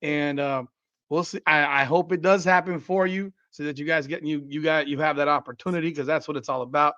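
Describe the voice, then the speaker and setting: A man's voice: a little high, fairly even intonation, fairly quick, sharp tone, dry recording. A man hosting a podcast interview in an easygoing, agreeable way. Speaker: podcast host. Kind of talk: casual interview chat. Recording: dry, slightly dull sound.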